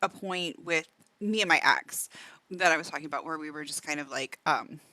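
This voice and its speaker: Chatty woman streamer with a bright, dry-sounding voice who laughs often and talks while eating. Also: deep voice, normal speed, dry recording. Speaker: streamer reacting to a video. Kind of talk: casual reaction-stream chat.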